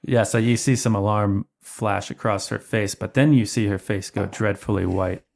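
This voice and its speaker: A man's voice: lowish voice, normal speed, gravelly. Easygoing man running a horror game. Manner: relaxed, thinking aloud with fillers. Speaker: game master. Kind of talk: narrating a tabletop horror game.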